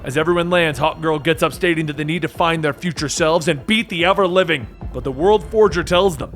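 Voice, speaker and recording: A man narrating a comic book story recap in a dramatic, rushing style that builds to shouts. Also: on the high side, soft background music.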